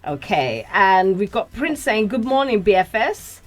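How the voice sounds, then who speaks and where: A woman co-hosts a live morning show and reads viewers' comments aloud at a brisk pace. Her pitch sits mid-range, and faint music plays under her voice. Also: sing-song. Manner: brisk, reading quotes aloud. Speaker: co-host reading viewer comments.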